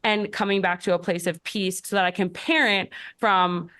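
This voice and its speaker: A woman's voice: medium pitch, moderate pace, smooth. Candid woman health coach, chatty and reflective. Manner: candid and reflective, many "like" fillers, animated when telling stories. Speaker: podcast host, health coach. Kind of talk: casual conversational podcast answers.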